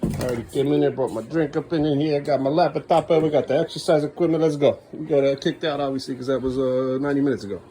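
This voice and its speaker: A man's voice: mid-range voice, steady tone, quick pace, dark tone, slight background noise. A man filming a casual family vlog at home, coaxing and bantering with his small children. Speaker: father vlogging his day with his sons.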